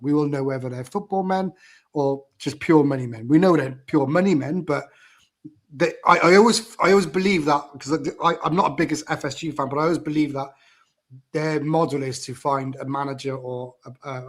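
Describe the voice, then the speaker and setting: A man's voice: medium pitch, a little fast. A man co-hosting a live fan show, rambling and repeating himself as he gives heated opinions.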